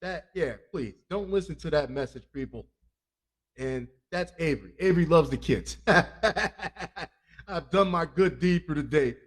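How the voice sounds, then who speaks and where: A man's voice: on the high side, lively intonation, a little slow. Rambling, joking man hosting a podcast. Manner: rambling, joking, laughs often, profane. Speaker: podcast host. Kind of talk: comic crime news talk.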